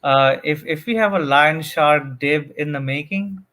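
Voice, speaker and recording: A man's voice: fairly high pitch, unhurried, pushed and bright. A man talking casually as a guest in a group chat, hesitant and joking, with many fillers. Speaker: guest panelist.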